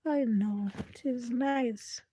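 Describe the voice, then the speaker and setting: A young woman with a slightly high, dark-toned voice speaks slowly over a faint hiss or hum. At home at night, she chats with her live stream viewers while doing chores, now and then dropping to a whisper.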